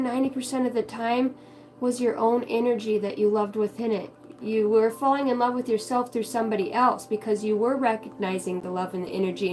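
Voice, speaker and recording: A woman's voice: medium pitch, a little mellow, rough recording. A woman giving a casual, heartfelt spiritual monologue, candid and swearing freely. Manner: acts out quoted voices in her stories. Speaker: spiritual vlogger.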